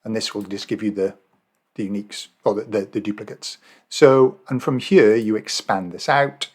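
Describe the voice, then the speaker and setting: A steady, low-side male voice with a breathy edge, at a moderate pace: an Australian Excel and Power BI trainer demonstrating a spreadsheet task on a casual screen recording. He reasons aloud, filling pauses and fixing his own slips as he goes.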